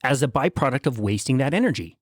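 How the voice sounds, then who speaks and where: Measured male podcast host. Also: medium pitch, no echo, studio quality. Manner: measured, summing up in steady short phrases. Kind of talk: conversational podcast interview.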